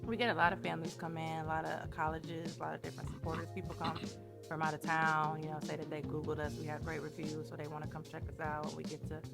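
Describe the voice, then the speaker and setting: A woman speaks in a low, gravelly voice. She chats casually and laughs often as she talks about her restaurant. Music plays clearly in the background of the room. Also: quick pace. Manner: relaxed, laughs often, casual Southern speech. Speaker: restaurant co-owner. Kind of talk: casual interview chat. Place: indoors in a wing restaurant.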